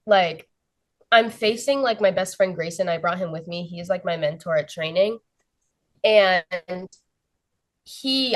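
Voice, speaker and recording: A young woman, a guest on an interview show, excitedly telling a story and filling her sentences with "like" and "literally". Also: mid-range voice. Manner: breathless, fills every phrase with "like" and "literally".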